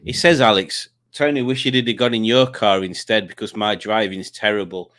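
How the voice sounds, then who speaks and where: A man's voice: fairly low pitch, fairly even intonation, normal speed, fairly bright tone. A man hosting a live quiz stream, chatting casually and teasing, with many stumbling restarts. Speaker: livestream host. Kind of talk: casual chat reading comments.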